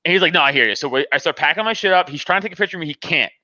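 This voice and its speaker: A man's voice: on the high side, rapid-fire, no room sound, muffled recording. A man telling a story in casual talk, laughing often and acting out the people in it, with plenty of swearing. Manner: animated, laughs often, acts out both sides of the argument. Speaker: podcast host telling a story.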